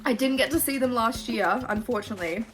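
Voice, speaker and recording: A young woman with an Australian accent chats casually through a Q&A while she plays a game. Her talk is animated and gushing, peppered with swearing and filler words. Music plays clearly under her voice. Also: on the high side, fast talker. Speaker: YouTuber. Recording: music playing behind.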